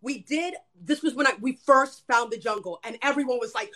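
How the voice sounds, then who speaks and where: A woman talking quickly and eagerly on a live stream, guiding her viewers through an energy practice. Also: fairly high pitch. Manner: rapid, animated, addresses viewers as "you guys". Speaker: guest, spiritual energy worker. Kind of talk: casual live-stream chat.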